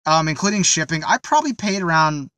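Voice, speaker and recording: A man's voice: a little high, lively intonation, fast, pushed and bright, no room sound. A man co-hosting a casual podcast, an eager fan recommending things he loves. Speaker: podcast co-host. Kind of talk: casual chat.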